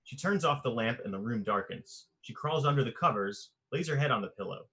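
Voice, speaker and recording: A man reads the stage directions of a screenplay aloud for an audio drama. His tone is bright and forward. He keeps an even, descriptive pace. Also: mid-range voice, a little fast. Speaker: narrator.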